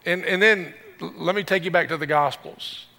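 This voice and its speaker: A man's voice: a little high, normal speed, creaky, sharp tone, in a large hall. A man preaching a sermon as pastor, with a conversational style and joking asides to the congregation.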